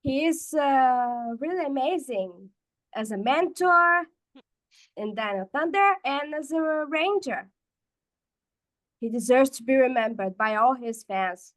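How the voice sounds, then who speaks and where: A woman sharing memories in a casual group chat, halting with many hesitant pauses. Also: high voice, lively intonation, fairly bright tone. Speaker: guest participant.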